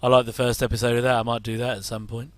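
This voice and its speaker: A man's voice: mid-range voice, level tone, very fast, no room sound. A middle-aged English man rambling casually through a reaction commentary, with chatty, self-deprecating asides. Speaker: host.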